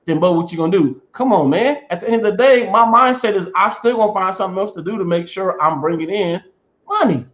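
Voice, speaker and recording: An animated man from the US Midwest co-hosts a casual chat, retelling stories with restarts and laughs. His voice sits fairly high. The sound is roomy and slightly dull. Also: quick pace. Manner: animated storytelling, repeats himself, laughs. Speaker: podcast co-host.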